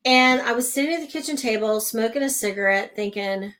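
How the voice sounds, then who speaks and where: A middle-aged woman from Oklahoma telling her personal story in conversation, animated and laughing between lines. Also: fairly high pitch, brisk, poor audio.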